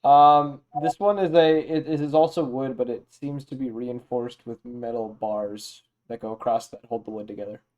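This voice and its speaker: A man narrating a tabletop game as game master, relaxed and loose, with many fillers. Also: medium pitch, moderate pace, few pauses, muffled recording.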